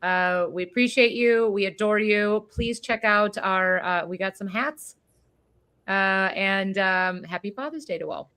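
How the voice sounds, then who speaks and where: A woman's voice: medium pitch, unhurried, fairly bright tone, clear, resonant tone. A woman co-hosting a podcast in casual chat, rambling with many fillers. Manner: chatty, filler-heavy, rambling. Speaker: podcast co-host.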